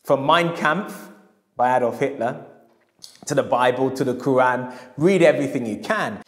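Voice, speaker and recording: A man's voice: mid-range voice, normal speed. A middle-aged male historian giving a public lecture, with emphatic repetition and acted quotes when he tells a story. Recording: echoey hall.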